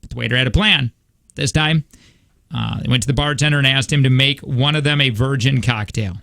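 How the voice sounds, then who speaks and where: A man's voice: medium pitch, a little fast, creaky, sharp tone. A man hosting a radio show, joking around and reading a story aloud with asides.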